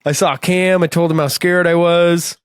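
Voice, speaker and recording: A man co-hosting a podcast, chatting casually and telling animated, self-mocking stories with profanity. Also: fairly high pitch, moderate pace, clean tone, no room sound, studio quality. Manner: animated storytelling, acts out his own scared drunken voice in quotes. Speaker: podcast co-host. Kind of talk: casual chat.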